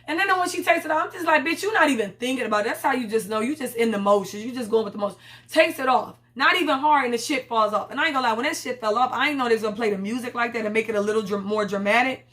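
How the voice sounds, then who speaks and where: A woman's voice: a little high, very fast. Blunt, profane woman recapping a show. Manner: blunt, profane, animated storytelling with quoted voices. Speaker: TV recap host. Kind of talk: casual episode recap.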